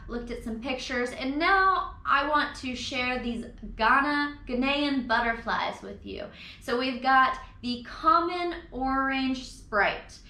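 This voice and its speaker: A woman music teacher giving a recorded lesson to children, slowly counting beats and chanting rhythm words. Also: a little high, pushed and bright. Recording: echoey room with background noise.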